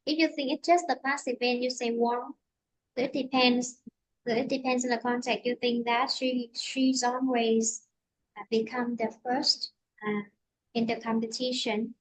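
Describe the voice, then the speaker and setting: A woman teaching an English lesson, explaining slowly and patiently with many fillers. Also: fairly high pitch, little pitch movement, poor audio.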